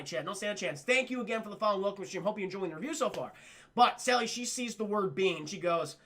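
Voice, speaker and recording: A man hosting a livestream cartoon review, excitable and profane, who keeps talking to his chat. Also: high-pitched, fast talker. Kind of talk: casual livestream commentary.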